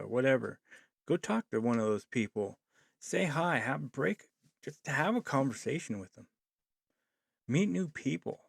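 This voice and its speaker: Male podcast host, gravelly, close and dry; earnest, rambling solo commentary. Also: medium pitch, no echo. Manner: earnest, rambling with frequent fillers.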